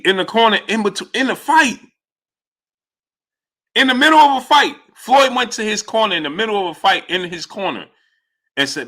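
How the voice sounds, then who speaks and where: Bright-voiced man hosting a boxing talk stream. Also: high voice, sing-song, a little slow, pauses often. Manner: repetitive and emphatic, frequent fillers and "you understand?". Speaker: sports talk show host. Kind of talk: live-stream boxing talk, greeting chat viewers.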